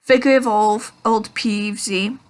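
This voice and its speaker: A woman reading aloud, voicing a sly male poltergeist who flatters in an oily, wheedling way. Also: mid-range voice, a little slow, lightly acted. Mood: fawning. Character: sly mischievous male poltergeist, greasy and fawning.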